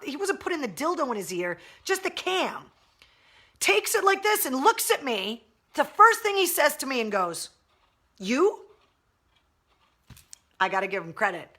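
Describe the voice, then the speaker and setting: A woman with a high, bright voice tells a story in an animated, blunt way. She is a radio host chatting casually on a live stream, and she swears freely.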